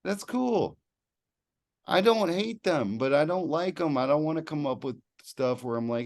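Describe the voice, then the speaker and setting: A man's voice: a little high, animated, measured pace, a little mellow. A man co-hosting a rock podcast in casual chat, blunt and swearing freely, joking with his co-host. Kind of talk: casual chat about music.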